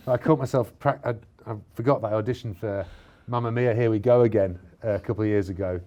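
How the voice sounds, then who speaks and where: A man's voice: fairly low pitch, brisk, highs cut off. A man with a Yorkshire accent talking animatedly in a casual interview, often restarting and joking at his own expense. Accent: Yorkshire (Bradford). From Bradford, England. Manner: animated, restarts often, self-mocking asides. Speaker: actor, interview guest.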